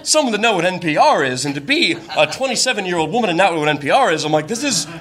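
A man's voice: sits high, very animated, very fast, a bit bright. A man telling a comic personal story, rambling with many fillers and self-interruptions, and adding wry, incredulous asides.

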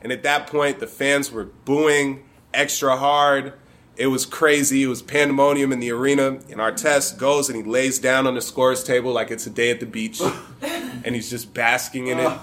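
Man from Michigan, live storyteller, bright edgy voice, loose and amused, swears freely. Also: mid-range voice, level tone, normal speed. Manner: conversational, profane, amused.

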